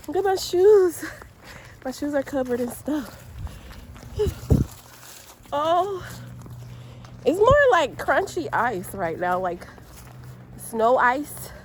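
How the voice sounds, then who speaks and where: Bubbly high-voiced woman vlogging in snow. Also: very animated, slow pace, long pauses, slight background noise. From Georgia, US. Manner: chatty, laughing, exclaiming about the cold. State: cold, slightly out of breath. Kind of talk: casual vlog outdoors in snow. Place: outdoors in snow, parking lot. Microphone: handheld phone camera.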